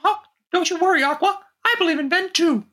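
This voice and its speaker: A podcaster voicing a small, cheerful mouse hero in a fan read of a game scene, squeaky and earnest. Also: fairly quick, bright, forceful tone.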